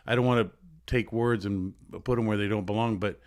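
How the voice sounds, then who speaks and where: A man's voice: on the low side, fairly even intonation, brisk, dry recording, clean studio sound. A man speaking as a guest on a live-stream panel chat, cracking jokes, rambling, and hedging before he gives an answer.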